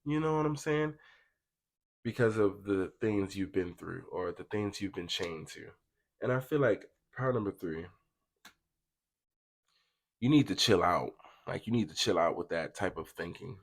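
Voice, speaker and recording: A man's voice: deep voice, moderate pace, pauses often. A young man giving a casual pick-a-card tarot reading, chatty and slangy, talking straight to his viewers. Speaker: tarot reader.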